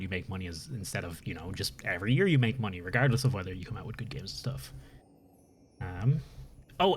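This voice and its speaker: A man's voice: on the low side, a little hiss or hum. A man with an Irish accent chatting casually on a live stream while gaming, rambling and often restarting his sentences. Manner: rambling, restarts and corrects himself.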